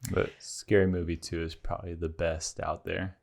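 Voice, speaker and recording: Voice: deep voice, level tone, moderate pace, creaky, darkish tone. A podcast co-host making dry, laid-back comments in casual chat.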